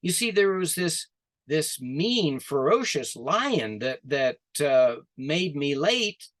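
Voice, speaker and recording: A man's voice: a little high, big pitch swings, slow pace, a bit bright, full character voice. A man voicing a wise old male rabbit who stammers nervously and plays humble, in a story told over a video call. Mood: flustered.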